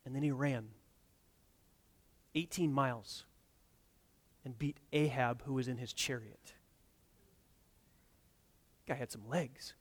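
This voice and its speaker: A man preaching a sermon, swinging from loud emphatic lines to quiet asides and retelling scripture stories with lively quoted dialogue. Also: mid-range voice, slow, pauses often. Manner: dynamic preaching, swells loud on key points then drops soft. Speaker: pastor.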